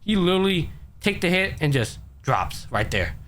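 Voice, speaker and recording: A man's voice: high-pitched, very animated, normal speed, a bit bright, slight background noise. A man hosting a podcast, casually retelling an anime episode in a loose, profane way full of fillers. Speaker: podcast host. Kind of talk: casual anime recap chat.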